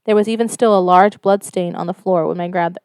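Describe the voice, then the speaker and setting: Woman podcast co-host, smooth clear voice, dry close mic, casual storyteller who swears. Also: fairly low pitch, fairly quick, dry recording. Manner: casual, swears freely, reads stories in a steady flat telling.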